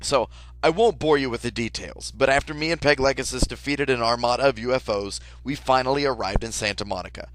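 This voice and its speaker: Deadpan young man telling absurd tales. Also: mid-range voice, brisk, a little hiss or hum, poor audio. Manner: casual, deadpan, profane, lots of "like". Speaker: storyteller. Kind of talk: comic absurd storytelling.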